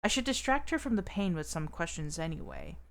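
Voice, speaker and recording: A woman's voice: lowish voice, big pitch swings, a little fast, a bit bright. A young woman streamer reading a game's story aloud and adding playful, laughing remarks. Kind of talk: reading a game aloud with casual commentary. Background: game music.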